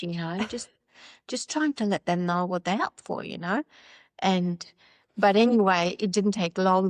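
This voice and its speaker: Recorded dry, a Polish woman with a mid-range voice, Polish being her native language, recounts her life as a guest in an interview. She's frank and wry, laughs frequently, and performs the voices of the people she quotes.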